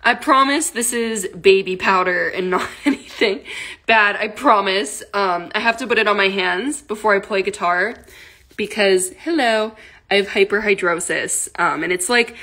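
A woman's voice: medium pitch, normal speed, pushed and bright. A young woman chatting casually on a phone livestream, giggling and cooing baby talk at her cat. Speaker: livestream host.

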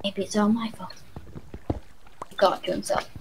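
A woman's voice: medium pitch, flat delivery, normal speed, in a whisper, low-quality recording. A woman casually chatting and joking while playing a game with a friend, rambling on. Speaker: let's play co-host. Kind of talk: casual gaming chat.

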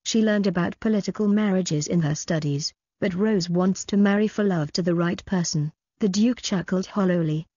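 A woman narrating an audiobook in a quick, even storytelling manner. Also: on the low side, breathy edge, no room sound, dull audio. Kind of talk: scripted narration.

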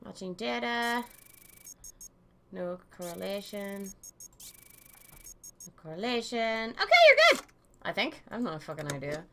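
A woman playing a video game and commenting casually, swearing freely, yelling mock-official orders at characters, and haltingly reading on-screen text aloud. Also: mid-range voice, a little hiss or hum. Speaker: let's play gamer.

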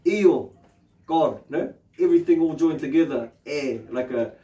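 A man's voice: fairly high pitch, a little slow, dark tone, recorded from a distance, lo-fi sound. A man giving a casual spiritual talk as a meditation teacher, swearing, laughing often and rambling with many fillers. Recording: roomy sound from off the mic.

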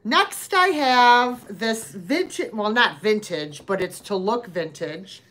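Chatty lady selling stuff on a live stream, slow and rambly, voice goes up and down a lot, bit of hiss behind. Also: medium pitch, animated, a bit bright. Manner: chatty, rambling, many fillers. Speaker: live sale host. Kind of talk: live-stream sales chat.

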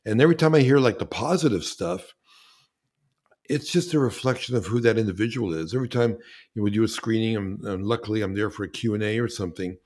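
Man, filmmaker guest, fairly low voice, enthusiastic and animated, casual interview chat. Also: quick pace. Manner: animated, enthusiastic, with frequent restarts and acted-out quotes.

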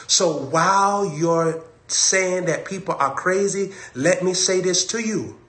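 A man's voice: sits high, slow pace, fairly bright tone. Male preacher, livestream sermon, emphatic, repetitive, echoey room. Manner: emphatic and repetitive, hammering phrases.

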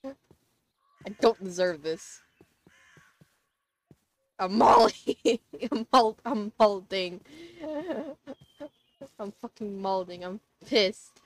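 A young woman streams a game and talks to herself the whole time, swearing and grumbling in mock anger. Her voice sits at a middle pitch for a woman. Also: expressive, very slow, pauses often, no room sound. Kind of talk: casual gaming stream commentary.

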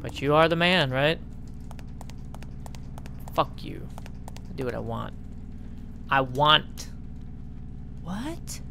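A let's play commentator giving casual gaming commentary, sarcastic and swearing freely while yelling at the game characters. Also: mid-range voice, takes it slowly, creaky, long pauses, a little hiss or hum.

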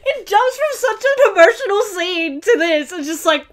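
A young woman hosting a reaction video, chatting excitedly and getting emotional as she comments. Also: very high voice, a little slow. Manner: gushing, emotional, laughs and cries easily.

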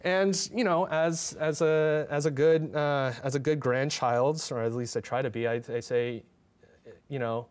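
A young man presenting his photographs in a talk, speaking in a halting, heartfelt way with many restarts and fillers. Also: medium pitch, steady tone, smooth. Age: young adult.

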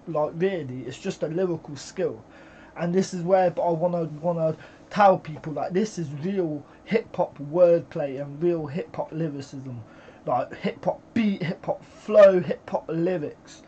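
A British man reacting to music in casual commentary, excitable and exclaiming, with frequent swearing. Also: fairly high pitch, measured pace, highs cut off, slight background noise.

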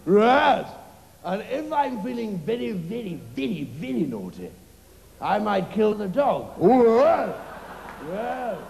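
Man doing a smug vain preener, high sing-song voice, gravelly edges, reverberant live club. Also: sing-song, darkish tone, slight background noise, full character voice. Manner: smug, self-satisfied, drawn-out yeses. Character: vain, preening man boasting of his looks. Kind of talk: live stand-up character comedy. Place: comedy club stage, live audience. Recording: reverberant live venue, faint ambience.

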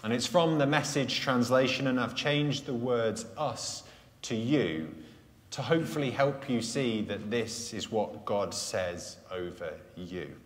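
Slow, earnest preacher in echoey hall. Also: male voice, medium pitch. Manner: earnest, slows and drops softly on key phrases. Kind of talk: sermon. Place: church Sunday gathering, live. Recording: echoey church hall sound.

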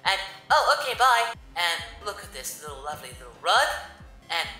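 Voicing the cheerful, dim-witted adult martial-arts hero Goku, a performer offers comedic let's-play commentary in character, excitedly whooping like a child and referring to himself in the third person. His mid-range voice has a sing-song, bright, forceful quality at a moderate pace, punctuated by giddy shrieks, over soft background music.

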